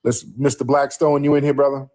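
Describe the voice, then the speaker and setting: A man's voice: medium pitch, little pitch movement, fairly quick, mellow. A man hosting a live stream, talking bluntly and casually to his viewers in the chat.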